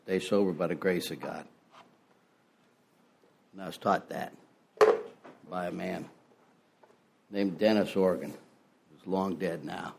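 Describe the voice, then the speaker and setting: A man's voice: low voice, fairly even intonation, slow, creaky, long pauses, a little mellow, slight background noise. An older man telling his recovery story at a meeting, folksy and self-deprecating, with lots of "you know". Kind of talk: personal testimony talk. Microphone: ear-worn headset mic.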